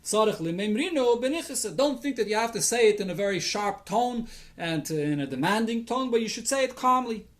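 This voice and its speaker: A man's voice: high-pitched, expressive, fairly quick, a bit bright. A man teaching a daily Talmud lesson as a rabbi, reading the Aramaic text and explaining it in English sprinkled with Yiddish and Hebrew terms, thinking aloud as he goes. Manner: thinks aloud, with restarts and fillers.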